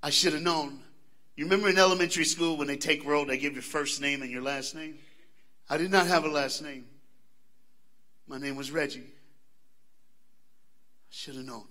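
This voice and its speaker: A man's voice: a little high, normal speed, pauses often. A man from the American South with a Southern accent, giving a live motivational speech to students at a school assembly and calling out questions to the crowd. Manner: animated, engages the crowd with call-outs and questions. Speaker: motivational speaker.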